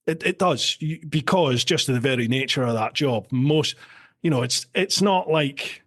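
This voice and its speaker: A middle-aged Scottish man hosts a conversational podcast interview. His voice sits at a middle pitch. He tells stories with animation and encourages his guest earnestly. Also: normal speed, a bit bright. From Scotland. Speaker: podcast host.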